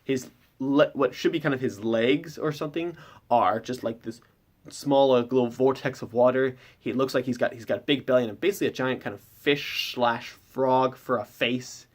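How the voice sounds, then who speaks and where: A man's voice: medium pitch, normal speed. A man narrating as game master, recapping a tabletop session in a loose, rambling way with lots of filler words. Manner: rambling, heavy with fillers like "kind of".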